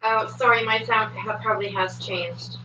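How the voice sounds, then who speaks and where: A woman's voice: medium pitch, fairly even intonation, normal speed, pushed and bright, slight background noise. A woman hosting a casual livestream, chatty and swearing freely, with lots of fillers, talking from home at a desk microphone. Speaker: livestream commentator. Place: home, moves between desk and kitchen. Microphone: desk microphone, at times far from it. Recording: echoey, distant, dull home stream audio.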